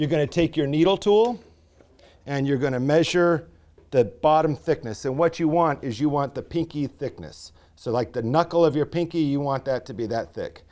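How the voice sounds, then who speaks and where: A man, a pottery professor, giving a live step-by-step wheel demonstration with folksy comparisons, dropping to a quiet mutter as he works the clay. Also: fairly high pitch.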